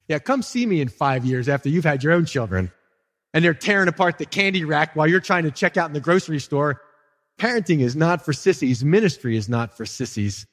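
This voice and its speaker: A man's voice: on the high side, big pitch swings, a little fast, a bit bright, long reverb tail. A male pastor preaching a sermon in a church, talking casually to the congregation with rhetorical questions and quoted voices. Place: church sanctuary.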